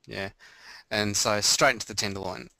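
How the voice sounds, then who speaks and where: A man co-hosting a podcast, chatting casually and telling animated stories. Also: on the low side, normal speed, vocal fry, dry recording. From Australia. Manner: animated storyteller, acts out voices. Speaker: podcast co-host. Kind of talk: casual chat.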